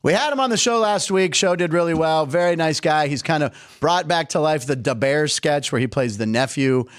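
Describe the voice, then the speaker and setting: Sports show host guy, kinda high voice, lively jokey delivery, dry close mic. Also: normal speed, dry recording. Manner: jokey, animated, goofs with accents. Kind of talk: casual sports chat.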